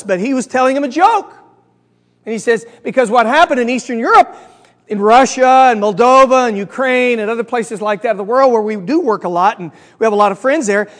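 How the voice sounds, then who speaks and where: High-voiced middle-aged man teaching. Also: big-room sound. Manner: animated, chatty, asks the audience questions. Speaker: Bible study teacher. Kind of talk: conversational teaching with jokes.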